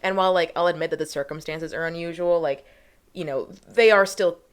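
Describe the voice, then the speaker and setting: A woman's voice: lowish voice, a little fast, smooth. A woman co-hosting a casual history podcast, bubbly and slangy, swearing casually as she explains. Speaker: podcast co-host.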